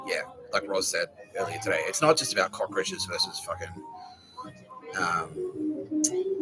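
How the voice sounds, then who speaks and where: A man's voice: sits low, poor audio. An Australian man hosting a podcast, rambling in a casual, sweary monologue full of slang and laughter. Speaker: podcast host.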